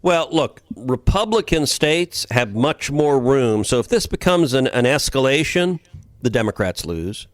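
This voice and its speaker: A man's voice: mid-range voice, animated, unhurried, no echo. Emphatic man arguing politics. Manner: emphatic, argumentative, repeats words when starting phrases. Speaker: podcast co-host, senator. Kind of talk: political commentary.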